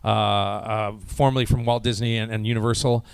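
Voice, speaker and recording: A man's voice: fairly low pitch, steady tone, fairly quick, clear, resonant tone, no room sound. An American man who works as a voice actor, answering fan questions in a rambling, chatty way with many fillers and restarts, and a little jet lagged. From United States. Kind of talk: casual panel Q&A.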